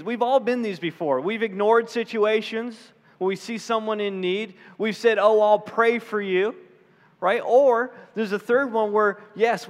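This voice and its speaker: A man preaching a sermon to a church congregation, telling a story with lively acted-out voices. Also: high voice, big-room sound. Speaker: pastor.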